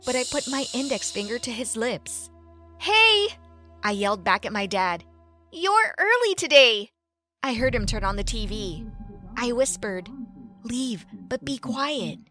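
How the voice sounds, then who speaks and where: A young woman narrating a first-person story in a lively, expressive way. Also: a little high.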